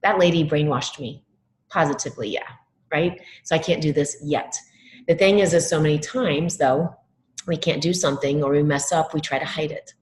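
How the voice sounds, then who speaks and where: A middle-aged woman with a low voice gives a motivational talk to teachers. She tells classroom stories with energy and acts out what her students say. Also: normal speed, low-quality recording. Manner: animated storytelling, acts out quoted students. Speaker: education speaker.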